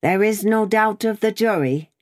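A woman's voice: mid-range voice, a little mellow, no echo, clean studio sound, voice pushed up, natural voice. A woman voicing a stern, vengeful revolutionary woman. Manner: stern, cold, deliberate.

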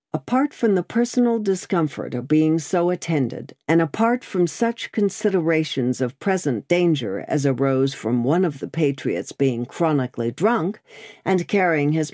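A reader telling a classic novel in a steady, measured way. The voice sits at a middle pitch, and the recording is close and dry with no room sound. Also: no echo. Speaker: audiobook reader. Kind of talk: scripted narration of a classic novel.

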